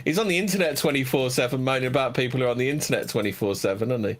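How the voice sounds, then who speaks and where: A man's voice: medium pitch, racing. A man in casual podcast banter, mocking and swearing, laughing often.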